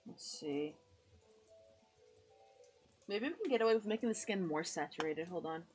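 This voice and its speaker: A woman's voice: on the low side, lively intonation, normal speed, faint music behind. A woman from the United States streaming live, chatting casually while she draws, rambling and self-deprecating, muttering to herself and greeting her chat in a friendly way.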